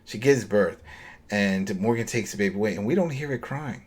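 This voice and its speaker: Guy on a podcast going over an episode, kinda low voice, rambles, does the characters' lines. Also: brisk, darkish tone, slightly rough. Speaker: podcast co-host. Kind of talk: casual episode recap.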